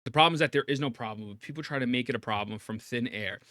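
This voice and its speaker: Male streamer host, angry profane reaction rant, bright timbre, dry sound. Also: medium pitch, very fast, no echo. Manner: profane, ranting, rising to near-shouting. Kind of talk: heated reaction commentary.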